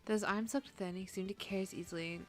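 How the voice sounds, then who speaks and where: A woman's voice: medium pitch, steady tone, racing, faint music behind. A woman streaming a game, reading its dialogue aloud and breaking into crude, joking outbursts. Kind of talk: casual gameplay commentary and reading.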